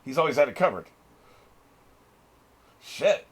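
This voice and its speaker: Middle-aged guy with a slightly raspy voice and animated pitch, casual reaction-channel host. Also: measured pace. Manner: chatty, swears freely, laughs often.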